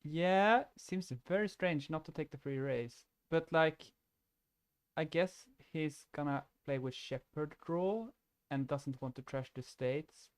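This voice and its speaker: A man's voice: fairly high pitch, slow pace, smooth, dry recording. A man giving casual commentary on an online card game, thinking aloud, restarting his sentences and laughing easily.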